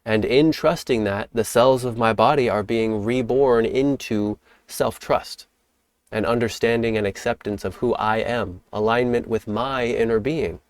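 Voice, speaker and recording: A man hosting a spiritual teaching talk, speaking in a calm, reflective way and sometimes acting out playful examples. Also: medium pitch, a little slow, smooth, dry recording. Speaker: host.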